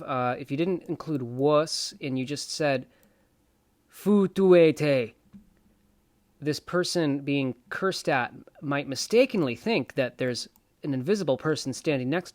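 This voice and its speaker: Male presenter, slow and unhurried, dry close sound, chatty lesson delivery. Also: medium pitch, no room sound. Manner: chatty and playful, repeating words slowly for pronunciation. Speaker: self-taught Latin presenter. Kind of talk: casual explanatory lesson.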